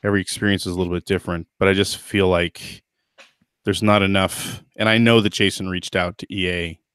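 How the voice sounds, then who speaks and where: Low-voiced man musing on a podcast. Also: flat delivery, fairly quick, a bit bright, smooth, no room sound, clean studio sound. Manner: thoughtful, hedging, many fillers and restarts. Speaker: podcast host. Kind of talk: casual podcast chat.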